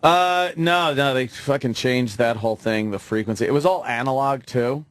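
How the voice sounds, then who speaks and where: A man's voice: mid-range voice, moderate pace, no echo. Male radio co-host, rambling profane storyteller, dry studio sound. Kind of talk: casual radio banter.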